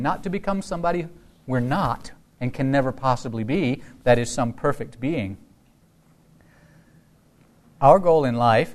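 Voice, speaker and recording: A man's voice: mid-range voice, darkish tone. A man preaching a sermon as a Lutheran pastor, telling stories conversationally with frequent restarts.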